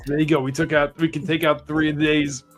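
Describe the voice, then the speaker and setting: A man's voice: fairly high pitch, little pitch movement, fairly quick, fairly bright tone, soft background music. A man co-hosting a live chat, chiming in with short, easygoing remarks. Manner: brief, laughing interjections. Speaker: co-host of a fragrance live stream. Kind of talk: casual chat.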